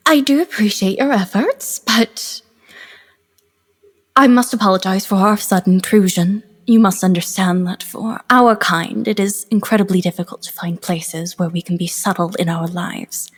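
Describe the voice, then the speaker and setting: A woman's voice: mid-range voice, normal speed, husky, big-room sound, close to an everyday voice. A woman voicing a stiff, overly polite female vampire who speaks in old-fashioned phrasing, in a tabletop game. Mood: apologetic. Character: haughty formal female vampire leader.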